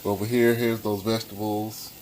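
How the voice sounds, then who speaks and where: A man's voice: on the low side, little pitch movement, normal speed, a little mellow, a little hiss or hum. Laid-back man cooking in a kitchen. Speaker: home cook. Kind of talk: casual cooking tutorial. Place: home kitchen, stove sizzling behind.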